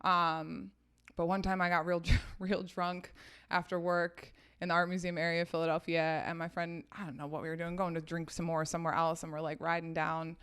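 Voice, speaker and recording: A woman's voice: on the low side, level tone, a little fast, a bit bright, clean tone. A young woman telling stories in a podcast interview, candid and laughing often, swearing freely. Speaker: podcast guest. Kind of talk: casual storytelling.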